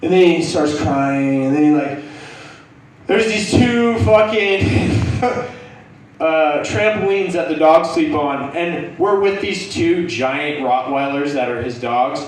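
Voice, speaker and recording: A man's voice: fairly high pitch, slow. A young man doing stand-up comedy, telling a profane story and acting out the people in it. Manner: profane, animated, acts out characters. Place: comedy club stage. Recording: echoey room from a distance, faint noise.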